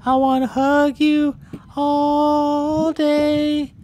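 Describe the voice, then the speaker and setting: A woman's voice: high-pitched, monotone, very slow, mellow. A woman voicing a doting, protective new mother dolphin over gameplay, gushing and melodramatic.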